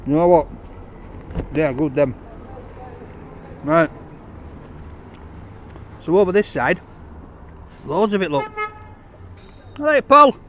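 A man's voice: on the high side, slow pace, pauses often, a little mellow, a little hiss or hum. A man reviewing a takeaway meal in a chatty, enthusiastic, jokey way, talking outdoors on a street. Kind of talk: casual food review vlog.

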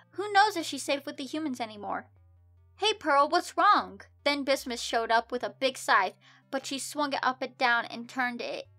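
A young woman reads fan fiction aloud for laughs, her voice high and bright. She keeps interrupting the story with exasperated, incredulous outbursts. Soft music plays faintly beneath her. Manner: exasperated, breaks off to shout in disbelief. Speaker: channel host reading fan fiction. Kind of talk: comedic dramatic reading with commentary. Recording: soft music bed underneath.

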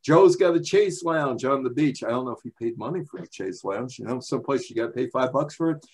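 With a husky, slightly mellow voice of medium pitch, this man speaks in an animated, brisk way. He's probably in his sixties, from the New York area, and is telling stories over slides in a chatty library talk brimming with asides and rhetorical questions.

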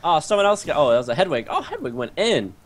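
A young man trades jokes with a teammate during an online match. His pitch leaps very widely, and he cries out loudly each time he dies. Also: wildly swooping pitch, fast talker. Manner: jokey, cries out when he dies. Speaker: gaming co-player. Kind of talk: casual gameplay banter.

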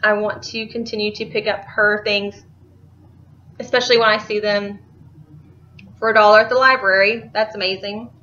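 A woman's voice: medium pitch, level tone, normal speed, long pauses, pushed and bright, dull audio, a little hiss or hum. A young woman, chatting casually and rambling about books she bought, laughing easily. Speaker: book vlogger. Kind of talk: casual chat.

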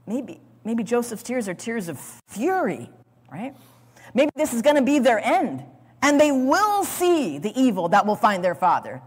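A woman teaching a sermon on scripture, dramatic and expressive, acting out the lines she quotes and calling for the next slide. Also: sits high, unhurried. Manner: speaks to an audience, calls for slides. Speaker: Bible teacher. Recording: long hall reverb.

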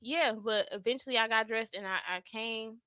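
A woman's voice: a little high, normal speed, sharp tone, no echo. A young woman telling an emotional story in casual chat, full of "like" and casual swearing. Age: young adult.

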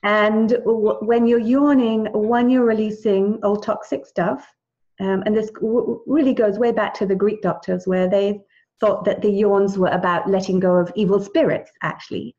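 A woman's voice: medium pitch, steady tone, moderate pace, a little mellow. A woman leads a wellness class over a dull, lo-fi line. She talks in a chatty, encouraging way and often breaks off mid-sentence to start again. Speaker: wellness teacher. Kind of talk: live group class over video call.

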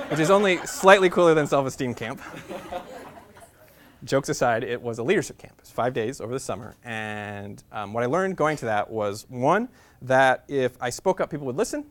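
Man in his thirties telling funny stories. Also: medium pitch. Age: 30s. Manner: self-deprecating, chatty, full of "like" fillers. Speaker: guest speaker. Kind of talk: humorous personal storytelling talk. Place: university classroom.

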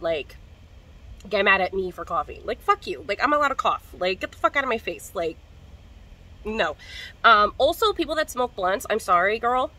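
A woman's voice: mid-range voice, bright, forceful tone, poor audio. A young woman vlogger in casual chat to camera, slangy and profane, coughing now and then. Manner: chatty, slangy and profane, coughing between hits.

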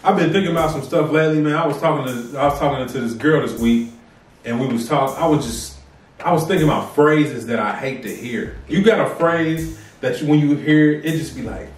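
A man with a slightly high voice riffs in a casual comedic rant, slangy and full of restarts, and sounds exaggeratedly disgusted. He sits back from the mic in an echoey room, with faint music underneath. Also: brisk, distant mic, a little hiss or hum. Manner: laid-back, loose slangy talk with many restarts.

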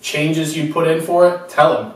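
A man's voice: a little high, little pitch movement, moderate pace. A man co-hosting a casual group chat, laid-back, joking and self-deprecating. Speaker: co-host. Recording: echoey room, mic at a distance.

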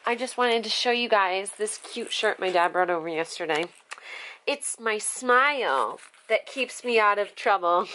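A young woman with a medium-pitched, pushed and bright voice chats casually to her vlog camera at home, animated but unhurried. She also coos and uses baby talk with her infant son.

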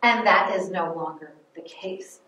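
A woman presenting a library lesson to children, speaking slowly and patiently and sounding out words for them. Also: fairly low pitch, bright, forceful tone, highs cut off. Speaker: library program host teaching children. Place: library room. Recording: echoey room, voice far from mic.

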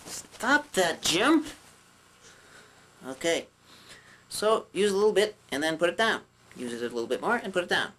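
A man's voice: on the high side, big pitch swings, fairly quick, fairly bright tone. A man casually teaching puppetry with chatty asides and a few slips of the tongue. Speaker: puppetry instructor. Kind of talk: puppet instruction skit.

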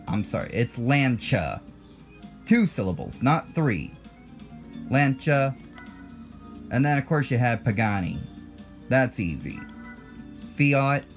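An American man in his twenties talks through his own video in a casual, unscripted way. He sounds blunt and a bit defensive, breaks off to correct himself, and speaks at a middle pitch over faint background music. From United States. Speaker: channel host.

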